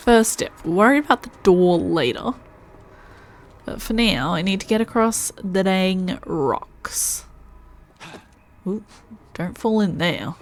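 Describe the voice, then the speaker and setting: A woman's voice: mid-range voice, big pitch swings, unhurried, pauses often. A woman streaming a video game, thinking aloud and musing to herself as she plays. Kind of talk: casual gameplay commentary.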